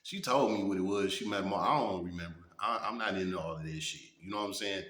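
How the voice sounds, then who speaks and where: A man in his thirties talks straight to his viewers with a low, deep voice. He is blunt and swears often, and he keeps checking in with his listeners. The room gives his voice a strong echo. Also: quick pace, fairly bright tone. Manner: blunt and profane, often asks "you know what I'm saying". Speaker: vlogger reacting and telling stories. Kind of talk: casual storytelling monologue. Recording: echoey room.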